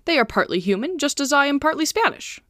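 A woman reading the part of a loyal male servant who stays calm and talks his way out of trouble with wry reasoning. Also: high voice, quick pace, no room sound, studio quality, voice pushed up. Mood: teasing.

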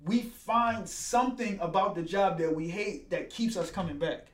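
Philly host, high voice, animated storyteller, echoey room. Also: male voice, normal speed. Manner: animated storyteller, acts out quotes. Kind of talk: casual conversation. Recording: roomy echo.

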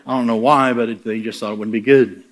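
A man's voice: medium pitch, fast talker. A man preaching who tells a story and acts out the voices in it. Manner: animated, acts out the voices in his stories. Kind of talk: sermon storytelling.

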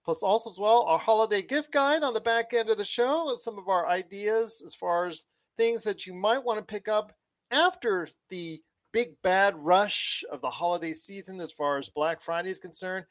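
A man co-hosting a casual pop-culture podcast, talking with animated, enthusiastic swings in his voice. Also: high-pitched, moderate pace. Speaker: podcast co-host.

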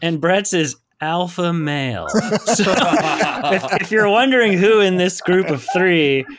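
A man's voice: high voice, expressive, takes it slowly, fairly bright tone. A man, a comedian co-host, joking around in casual chat and laughing between his lines.

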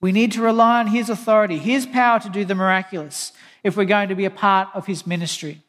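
A man with a high-pitched voice delivers an earnest sermon, mixing scripture quotes with a plain personal story. His voice carries a long reverb, as if he is in a large hall. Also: fairly even intonation, fast talker, fairly bright tone. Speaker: pastor.

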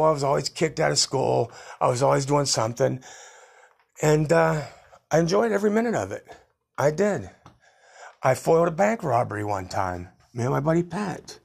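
A middle-aged man hosting a podcast, telling rambling stories from his youth in a casual way and laughing at his own tales. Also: medium pitch. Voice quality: gravelly, husky. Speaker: podcast host. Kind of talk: casual storytelling.

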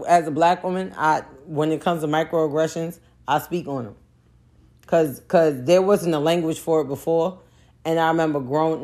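A woman's voice: sits low, a little mellow. A woman, talking straight to camera in a blunt, profane, emphatic rant. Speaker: commentator. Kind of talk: casual monologue rant.

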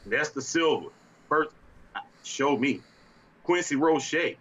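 A man's voice: fairly high pitch, animated, takes it slowly, dull audio, crowd noise. A man co-hosting a casual sports talk show, ranting in a fiery, exasperated way and breaking into laughter. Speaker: podcast co-host.

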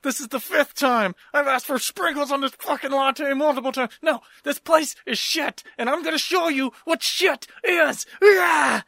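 A man voicing a furious woman customer, shrill and shouting with indignation. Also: fast talker, few pauses, dry recording, studio quality. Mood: enraged. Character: furious woman customer ranting over a latte.

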